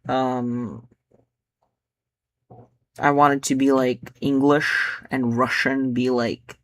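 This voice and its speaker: A man's voice: medium pitch, little pitch movement, slow, a bit bright, no echo. Man, mid-range voice, casual poet musing, lots of filler words, drops to mutters. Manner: rambling, full of filler words, drifting into mutters. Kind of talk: casual chat about his own poems.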